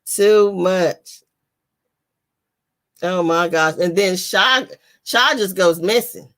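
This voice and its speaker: A woman's voice: on the low side, extremely slow, fairly bright tone. Woman host, leisurely, laughing, slangy live book chat.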